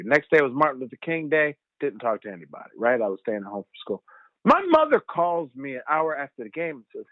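A young man telling rambling, animated stories as a guest over the phone, laughing often. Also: medium pitch, normal speed, dry recording. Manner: animated, rambling storyteller who laughs a lot. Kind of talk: phone interview storytelling. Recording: tinny dry phone line.

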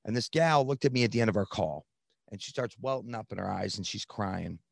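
Earnest man with a low voice. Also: fairly quick, creaky, dry recording, clean studio sound. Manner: earnest, animated, frequent "like" fillers. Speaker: podcast guest. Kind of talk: candid storytelling.

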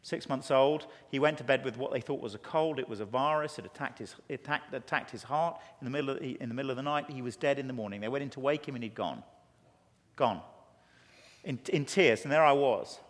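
A man with an English accent preaching a conference sermon, telling stories and acting out quotes in an animated way. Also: mid-range voice, fairly quick. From England. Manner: animated, storytelling with acted quotes. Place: large conference hall. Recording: long hall reverb.

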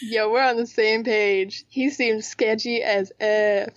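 A woman's voice: a little high, steady tone, slow pace, no room sound. Slangy joking woman co-host, dull dry sound. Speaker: podcast co-host. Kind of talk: casual chat reviewing a TV drama.

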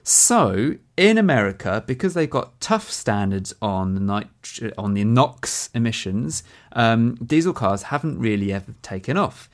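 A man's voice: medium pitch, very animated, a little slow, hardly any pauses. A man co-hosting a podcast, explaining a news story step by step in a casual chat, with many ums. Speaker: podcast co-host.

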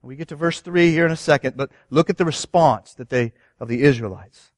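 Earnest preacher man, slightly high voice. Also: a little fast, dry recording, clean studio sound. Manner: earnest, rhetorical questions to the congregation. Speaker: pastor. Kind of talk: sermon.

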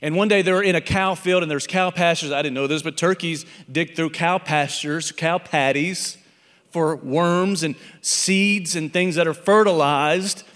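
A man's voice: fairly high pitch, unhurried, a bit bright, long reverb tail. A man preaching a sermon, telling a parable as a pastor and acting out the animal characters in it.

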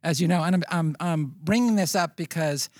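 A man's voice: fairly high pitch, moderate pace, darkish tone, no echo, clean studio sound. A man co-hosting a podcast recorded live in front of an audience, telling stories with enthusiasm and laughing now and then. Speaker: podcast co-host. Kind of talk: casual live podcast chat.

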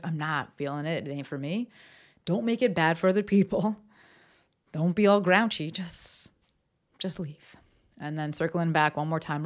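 A young adult woman hosting a solo podcast and giving casual, candid advice with a bit of swearing. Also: sits low. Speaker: podcast host.

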